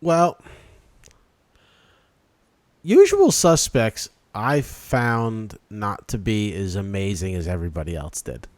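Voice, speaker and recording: A man's voice: lowish voice, no echo. A man co-hosting a casual podcast, arguing his movie picks emphatically. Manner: animated, emphatic, quick to argue his picks. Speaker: podcast co-host.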